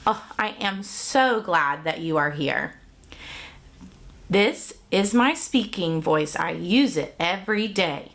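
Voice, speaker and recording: A woman's voice: fairly low pitch, lively intonation, slow, fairly bright tone. A woman teaching an online kindergarten music class from a music room at home, talking to young children in a cheerful, sing-song way with simple songs and counting.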